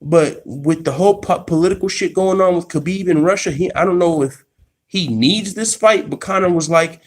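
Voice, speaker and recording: A man hosting an MMA live stream from his workplace, telling the story casually in profane slang and restarting sentences as he gets excited. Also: high-pitched, moderate pace. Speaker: MMA channel host.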